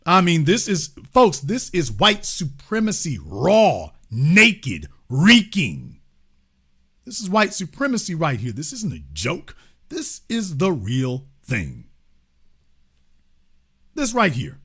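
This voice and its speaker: Male host, bright forceful tone, emphatic, repeats himself, swings loud to quiet. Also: a little high, wildly swooping pitch, a little slow, husky. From Louisiana. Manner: emphatic, repetitive, swings between loud and hushed. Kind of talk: impassioned political commentary.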